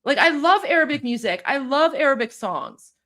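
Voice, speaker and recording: A woman from Iran co-hosting a live stream, talking in a rapid, emphatic and blunt way. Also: high voice, big pitch swings, sharp tone. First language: Persian. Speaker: co-host. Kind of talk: casual live-stream chat.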